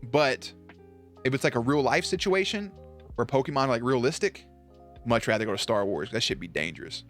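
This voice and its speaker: A man chatting casually on a live stream, animated and profane, with sudden jumps up in pitch. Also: a little fast, faint music behind.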